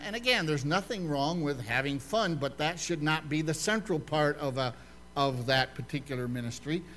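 An older male pastor gives a conversational sermon in a church, frequently pausing to quiz his listeners with questions. His voice is a little high and a bit bright.

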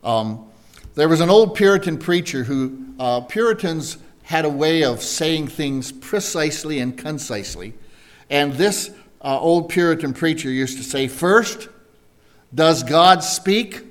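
A man preaching a verse-by-verse Bible lesson, slowly and deliberately, asking his listeners questions as he goes. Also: fairly high pitch, animated. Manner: slow, deliberate, asks the congregation questions. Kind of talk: Bible teaching sermon.

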